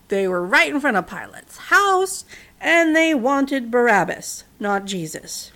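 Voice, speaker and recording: A woman retelling a Bible story in a casual, chatty way, dropping in wry asides and little fillers. Her voice sits fairly high and swings widely in pitch. It sounds relaxed and conversational rather than formal. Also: measured pace.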